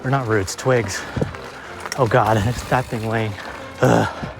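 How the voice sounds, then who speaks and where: A man's voice: lowish voice, fairly even intonation, takes it slowly, vocal fry, music in the background. A young man vlogging while he rides a mountain bike through the woods, out of breath and swearing, joking about his own lack of skill. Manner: breathless, swearing, self-deprecating commentary. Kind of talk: casual narration while riding. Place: outdoors on forest trails.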